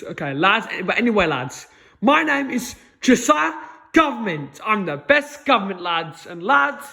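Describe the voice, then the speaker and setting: A man with a notably high voice talks on in a loose, rambling monologue. He stumbles over words and restarts often, and keeps ending phrases with a low, quiet mutter. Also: gravelly. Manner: repeats "lads" in a low mutter, stammering restarts. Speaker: vlogger.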